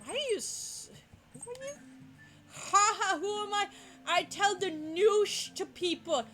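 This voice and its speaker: A woman's voice: extremely high pitch, lively intonation, measured pace, bright, forceful tone, soft background music, pitched above the performer's own voice, heavily acted. A woman voicing a drunken middle-aged male newscaster in a game, with a slurred, rambling announcer delivery. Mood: tipsy, grandiose.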